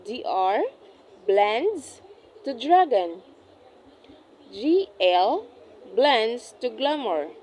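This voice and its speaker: Slow, careful young woman reading a report. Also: fairly high pitch, sing-song, darkish tone, a little hiss or hum, poor audio. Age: young adult. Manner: careful, deliberate reading with frequent self-corrections. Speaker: student presenting an assessment. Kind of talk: reading a class report aloud.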